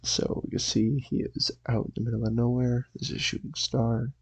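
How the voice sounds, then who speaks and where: Raspy, gravelly young man chatting. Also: medium pitch, little pitch movement, moderate pace, dry recording, rough recording. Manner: casual, rambling, apologetic. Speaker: channel host reading comics. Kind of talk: casual comic read-aloud.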